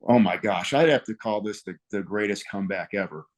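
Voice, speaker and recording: A man's voice: fairly low pitch, brisk. A man talking animatedly as a guest on an interview podcast, laughing at himself as he tells his story. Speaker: guest wrestler. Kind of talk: casual interview chat.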